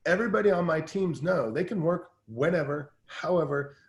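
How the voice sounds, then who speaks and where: Energetic man telling quick stories. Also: fairly high pitch, vocal fry, reverberant. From Southern California. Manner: energetic, fast storytelling with many restarts. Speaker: guest team-building coach. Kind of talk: casual interview talk.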